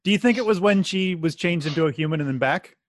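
A man's voice: fairly high pitch, fast talker, dry recording, studio quality. An American man co-hosting a podcast, chatty and self-mocking, laughing often. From United States. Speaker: podcast co-host. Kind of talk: casual chat.

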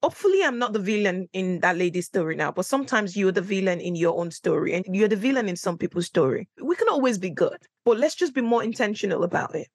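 A young adult woman hosting a solo podcast, chatting and telling a personal story in a lively way. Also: medium pitch, fast, hardly any pauses, no room sound. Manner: chatty storytelling, animated when quoting herself. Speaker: podcast host. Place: small room, recording alone.

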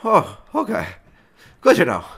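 Dude playing a newborn warforged robot, kinda irish-ish, stumbles a lot, bouncy pitch. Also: male voice, huge pitch swings, a little slow, gravelly, fairly bright tone, slightly rough, heavily acted. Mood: curious. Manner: hesitant, full of fillers and restarts. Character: newborn warforged machine, vaguely Irish, cheerful. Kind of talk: tabletop role-play voice.

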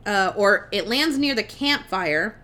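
A young woman casually retelling a movie plot on a podcast, animated and chatty, with lots of fillers and swearing. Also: mid-range voice, measured pace. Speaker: podcast co-host. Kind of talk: casual film recap.

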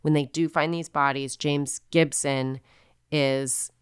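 A woman with a low, smooth voice recounts a crime case in a loose, conversational way, full of fillers and quoted asides. The recording is dry and close, with no room sound. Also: fairly even intonation, slow, no echo. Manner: chatty, filler-heavy, quotes people in asides. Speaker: podcast co-host. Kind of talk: casual true-crime storytelling.

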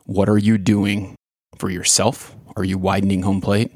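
A man's voice: low-pitched, little pitch movement, moderate pace, no room sound, studio quality. A man who used to coach baseball, hosting a short podcast episode and reflecting in a plain, conversational way. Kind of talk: casual spoken podcast with read-aloud story.

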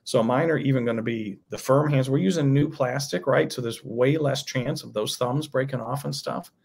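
A man's voice: mid-range voice, normal speed, vocal fry, darkish tone, breathy edge. A man talking casually about his own toy project as a guest, thinking aloud with loose restarts. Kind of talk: casual interview chat.

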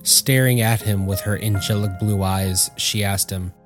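Male audiobook narrator, measured, lowish voice, faint music behind. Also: steady tone.

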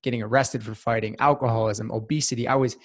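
A man's voice: medium pitch, steady tone, quick pace. A man, a guest in a casual interview, telling a personal story in an earnest, heartfelt way with many fillers. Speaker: podcast guest.

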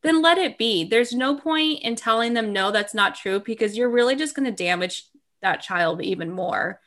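A woman's voice: on the high side, expressive, normal speed, a bit bright. A woman co-hosting a podcast in casual chat, speaking earnestly and reassuringly and often saying "totally".

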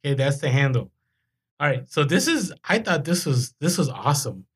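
A man co-hosting a podcast in casual chat, animated, his pitch jumping when he gets excited. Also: normal speed, husky. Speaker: podcast co-host.

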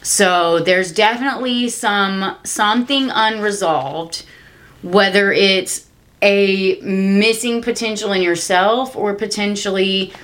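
A woman co-hosting a casual podcast, talking through the meaning of a listener's dream, halting and thoughtful with many fillers. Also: mid-range voice, fairly bright tone. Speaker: podcast co-host. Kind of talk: casual chat interpreting dreams.

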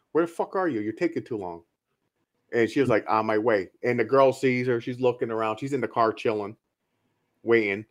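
A man co-hosting a casual movie podcast, retelling horror scenes with heavy swearing and acted-out quotes. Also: medium pitch. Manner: profane, animated retelling of scenes. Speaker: podcast co-host. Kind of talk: casual movie review chat.

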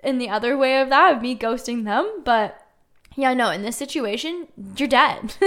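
A young woman hosts a casual podcast and tells a personal story as a loose, chatty monologue. Her voice sits a little high, and she fills her talk with "like" and dry, joking asides. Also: animated, normal speed, a bit bright. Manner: chatty, lots of "like", wry jokes. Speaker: podcast host.

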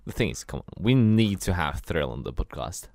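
A man's voice: deep voice, big pitch swings, brisk, creaky, a little mellow, no echo, studio quality. A man co-hosting a podcast in casual, joking chat, laughing often and swearing freely. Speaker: podcast co-host.

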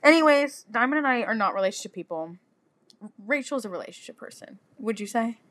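A young woman co-hosting a casual podcast with friends. Her voice sits a little high, and she talks loudly, swears freely and laughs often. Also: lively intonation. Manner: loud, swearing, quick bursts of laughter. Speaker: podcast co-host. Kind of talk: casual chat.

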